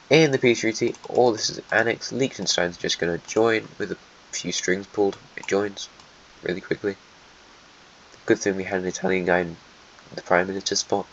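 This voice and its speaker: A man's voice: low voice, highs cut off, slight background noise. A man narrating an alternate history map video in a casual, offhand way, with sarcastic asides and muttering while he draws.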